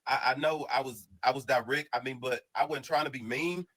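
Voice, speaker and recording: A man telling a casual storytime monologue in an animated, slang-heavy, rambling way full of restarts. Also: mid-range voice, fairly quick, husky, low-quality recording.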